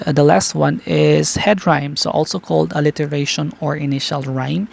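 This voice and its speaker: A teacher with a Filipino accent giving a lecture, mixing English with Hiligaynon, explaining slowly, repeating terms and checking in with "okay?". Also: mid-range voice, gravelly, darkish tone.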